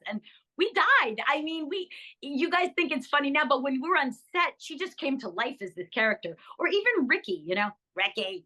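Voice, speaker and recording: A woman's voice: high voice, a little fast. An older woman, an actress, chatting enthusiastically about her career in an interview, with many ums and restarts. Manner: enthusiastic, animated, lots of fillers. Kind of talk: casual interview chat.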